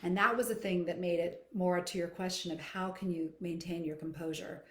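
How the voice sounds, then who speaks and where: A woman singing coach talks through viewer questions on a live stream. Her voice sits a little low, and she speaks reflectively, with fillers and restarts. The room around her is echoey. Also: steady tone, moderate pace, fairly bright tone. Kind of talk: live Q&A, conversational teaching.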